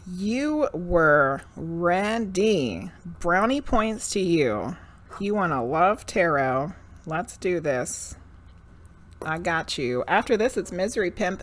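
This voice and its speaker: A woman reading tarot cards live for her viewers, talking in a frank, profane way. Her delivery is slow and unhurried, but her pitch swings widely. She rants, then laughs at herself. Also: a little hiss or hum. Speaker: medium and tarot reader.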